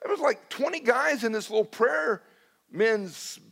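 A man's voice: very high-pitched, animated, unhurried, creaky, a bit bright. A middle-aged man preaching a sermon as a pastor, telling stories in a conversational, self-deprecating way and acting out his own past dialogue.

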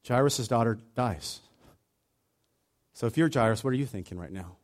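A man preaching a sermon in a conversational, animated way, acting out little asides as he retells the story. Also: medium pitch, normal speed.

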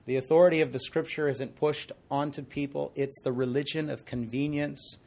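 A middle-aged man preaching an expository sermon as pastor, conversational and animated, with jokey asides. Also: on the high side, normal speed, creaky.

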